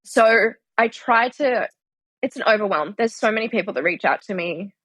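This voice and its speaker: A woman's voice: medium pitch, lively intonation, moderate pace, fairly bright tone, no room sound. A woman yoga teacher speaking as a podcast guest, earnest and heartfelt, with many "like" fillers. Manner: earnest, heartfelt, frequent "like" fillers, laughs easily. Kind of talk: reflective interview conversation.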